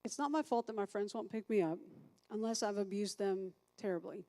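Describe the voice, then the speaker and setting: A woman's voice: medium pitch, a little fast, mellow. A woman teaching a recovery class as a sponsor, chatty, thinking aloud and asking the group questions.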